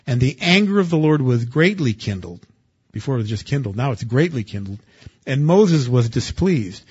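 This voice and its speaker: A man, a pastor, preaching a sermon in an earnest way, going from hushed to loud and emphatic. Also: mid-range voice, husky, highs cut off. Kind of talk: sermon with scripture reading.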